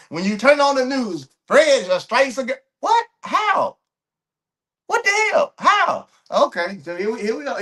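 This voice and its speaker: A man's voice: extremely high pitch, fairly bright tone. A man hosting a track and field commentary show, ranting bluntly to his viewers and repeating words as he restarts his points.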